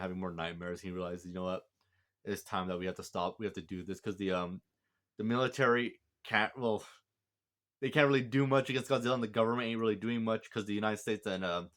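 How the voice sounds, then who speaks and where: A man giving a casual spoken movie review, retelling the plot in a rambling, excitable way with lots of restarts. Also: fairly low pitch.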